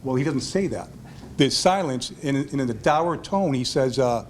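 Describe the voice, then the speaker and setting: A man's voice: mid-range voice, normal speed, slight background noise. A man telling a self-deprecating story in a hall of fame acceptance speech at a restaurant event, acting out the voices of the people in it.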